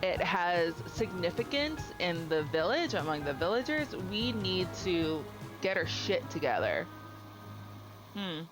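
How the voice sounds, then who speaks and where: A woman hosting a let's-play, chatty and expressive, swearing casually as she comments on the game. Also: fairly low pitch, a little slow, music in the background, rough recording. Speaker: gaming channel host.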